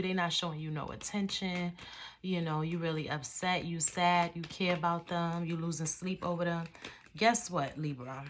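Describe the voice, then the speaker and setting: Against slight background noise, a woman with a low, somewhat bright voice does an informal tarot reading. Her talk is slangy and full of profanity; she calls the listener baby and stretches the sign names out in a chant.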